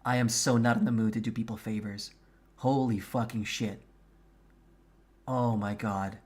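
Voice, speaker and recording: A man streaming a game, chatting casually with his viewers, candid and quick to swear. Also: lowish voice, steady tone, darkish tone, breathy edge. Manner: candid and profane, venting frankly. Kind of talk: casual chat with live viewers.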